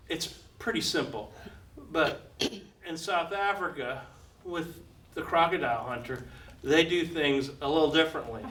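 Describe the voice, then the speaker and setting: An older man spins a true adventure yarn for a live crowd, laughing softly at his own story and slipping into the voices of its characters. His voice is bright and sits a little high. He sounds a bit distant from the mic, in an echoey room with a faint hum behind him. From United States. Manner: chuckles often, acts out quoted voices. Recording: roomy, slightly distant, faint background hum.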